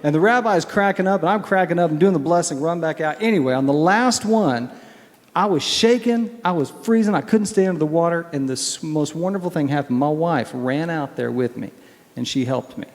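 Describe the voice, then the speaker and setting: A man from Texas speaks in a slightly high voice, telling stories with earnest, animated feeling. His words ring with a long reverb, as in a large hall. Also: a little fast. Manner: earnest, animated storyteller who gets choked up. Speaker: guest singer answering questions. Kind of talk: candid Q&A conversation.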